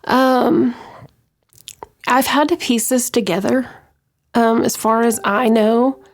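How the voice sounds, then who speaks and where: Gravelly-voiced woman, hesitant. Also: on the high side, steady tone, takes it slowly. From West Texas. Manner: hesitant, many ums and restarts. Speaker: interview guest. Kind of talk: personal account in an interview.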